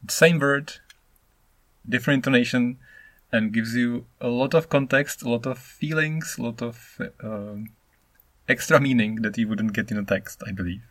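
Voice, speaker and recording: A man in his thirties from the Czech Republic, a non-native speaker, hosting a solo podcast in a rambling, animated way. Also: medium pitch, normal speed, no echo. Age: 30s. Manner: rambling, animated, acts out intonations. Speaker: podcast host.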